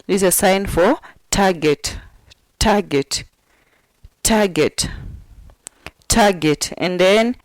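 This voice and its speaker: A woman gives a patient sign language lesson, saying each term again and again in a slow, deliberate way. Her voice sits at an ordinary middle pitch. The sound is dry and close, with no room echo. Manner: repeats each word several times, patient and deliberate. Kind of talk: slow instructional explanation.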